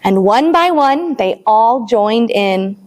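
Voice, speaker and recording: A woman librarian reading a picture book aloud to small children, expressive and animated, then leading a counting rhyme. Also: on the high side, slow pace, slight background noise. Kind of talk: storytime read-aloud.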